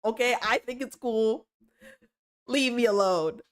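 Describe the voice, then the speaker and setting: Playful slangy woman streamer. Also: fairly high pitch. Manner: playful, slangy, teasing chat back; explains slowly and repeats herself while drawing. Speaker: streamer and art critic. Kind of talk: casual livestream chat and art critique.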